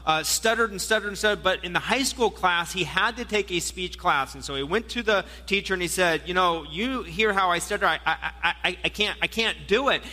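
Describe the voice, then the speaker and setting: Bright-voiced preacher man in a hall. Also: high-pitched. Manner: animated storytelling, playful asides. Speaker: pastor. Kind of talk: sermon. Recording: long hall reverb.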